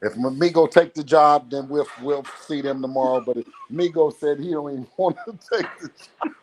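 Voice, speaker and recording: A man's voice: on the high side, moderate pace, slight background noise. A man calling into a livestream, talking casually and playfully, often laughing. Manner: animated, laughing, playful trash talk. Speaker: call-in guest. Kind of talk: casual phone call on a livestream.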